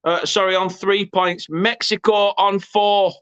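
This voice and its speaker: English male watchalong host, high tense voice, excitable play-by-play, correcting himself as he goes. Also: unhurried, smooth, no echo, highs cut off. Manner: excitable, self-correcting, erupts at goals. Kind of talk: live match commentary.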